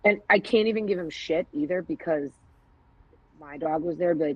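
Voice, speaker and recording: A woman's voice: sits low, normal speed, husky, no room sound, highs cut off. A woman co-hosting a podcast, telling stories in candid casual chat, acting out quoted dialogue and swearing freely. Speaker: podcast co-host.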